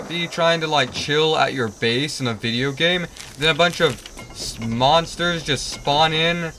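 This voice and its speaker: A man's voice: medium pitch, measured pace, background noise. Sleepy, exasperated young male streamer. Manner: rambling, easily exasperated, complains while yawning. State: sleepy, yawning. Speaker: game streamer. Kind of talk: casual live-stream commentary.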